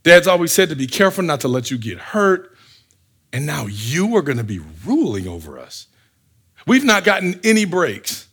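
Man doing resentful older brothers, quiet and bitter, in a sermon aside. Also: sing-song, normal speed, slightly rough, full character voice. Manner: low, bitter, grievance-laden.

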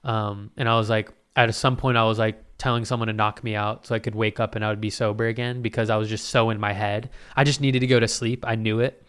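Smooth-voiced young man, casual vlog. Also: lowish voice, fast, few pauses. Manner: swears freely, lots of fillers and restarts; animated, exclamatory, incredulous. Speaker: vlogger answering viewer questions. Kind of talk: casual Q&A storytelling.

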